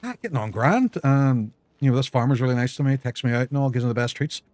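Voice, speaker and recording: Contented talking farm dog, easygoing and soft, put on by a man. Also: medium pitch, lively intonation, fast talker, no room sound, close to an everyday voice.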